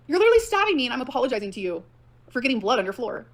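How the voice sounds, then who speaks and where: Rapid-fire ranting woman. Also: high-pitched, sing-song. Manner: heated, swearing, bitter and sarcastic. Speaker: video creator responding to an interview. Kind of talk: emotional rant to camera.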